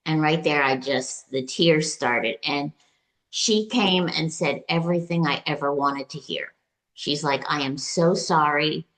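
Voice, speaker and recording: A woman guest in an interview, telling a personal story in a halting, emotional way, with many fillers and restarts. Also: low voice, a bit bright. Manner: recounts dialogue in quoted voices. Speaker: retreat client, interview guest.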